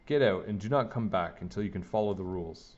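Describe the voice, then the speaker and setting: A man voicing a calm, patient adult swim teacher in a storybook. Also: low-pitched, fast, highs cut off. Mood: stern.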